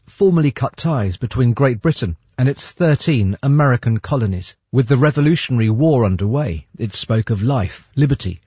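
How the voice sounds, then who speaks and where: A man reporter narrating a scripted news package in a steady, authoritative way. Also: mid-range voice, breathy edge, dry recording, dull audio.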